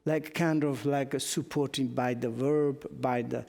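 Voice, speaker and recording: A middle-aged man with a Tibetan accent, a Buddhist teacher giving a dharma teaching in halting non-native English, telling anecdotes with chuckles. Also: mid-range voice, steady tone, vocal fry, darkish tone. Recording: long reverb in a hall.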